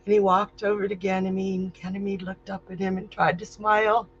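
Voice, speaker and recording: A woman's voice: medium pitch, flat delivery, a little fast, slight background noise. A woman hosting a show, telling a myth in an emotional style that builds to intensity, on a dull, lo-fi recording. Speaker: storyteller and psychic host. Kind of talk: dramatic myth storytelling.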